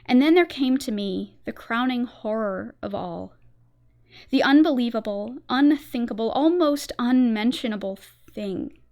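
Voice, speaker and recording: A woman streamer doing a theatrical reading of a horror story, her narration tense and swelling in volume at dark moments. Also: a little high, expressive, a little slow.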